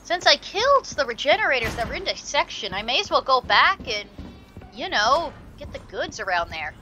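A young woman giving excitable let's play commentary, swearing and shrieking at the game. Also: sits high, moderate pace, dull audio, music in the background. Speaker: gaming video creator.

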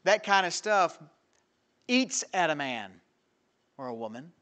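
Male pastor with a bright, somewhat high voice, preaching animatedly in a church and moving between loud and hushed. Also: a little slow. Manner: animated preaching with rhetorical questions, swinging from loud to quiet. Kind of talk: evening sermon. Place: church sanctuary.

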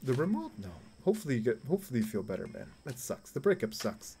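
A man's voice: medium pitch, big pitch swings, quick pace, mellow, a little hiss or hum. A young man streaming a game, chatting crudely and jokily with his viewers. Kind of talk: casual live-stream chat while playing.

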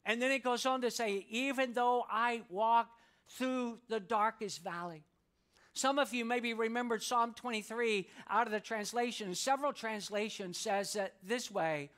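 Guy preaching in church, high bright voice, gets the crowd to read along with him. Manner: preaching with congregation call-and-response, slows to read scripture. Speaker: pastor. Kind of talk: sermon. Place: church sanctuary.

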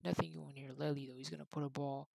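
Gravelly young man doing game commentary. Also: on the high side, fast, no echo, low-quality recording. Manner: mock play-by-play commentary, excitable on goals. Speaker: gaming YouTuber. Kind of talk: gameplay commentary.

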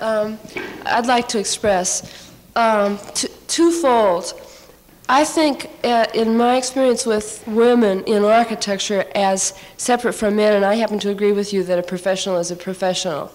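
Slightly high-voiced woman architect telling anecdotes. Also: normal speed, slight background noise, low-quality recording. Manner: animated anecdote-telling with frequent laughs and restarts. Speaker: architect and panelist. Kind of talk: panel discussion storytelling.

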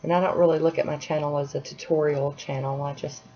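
Chatty home nail vlogger: a woman with a low voice, unhurried and self-deprecating, on a dull lo-fi track. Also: little pitch movement, dark tone. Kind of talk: casual tutorial chat. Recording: dull lo-fi sound, faint hiss.

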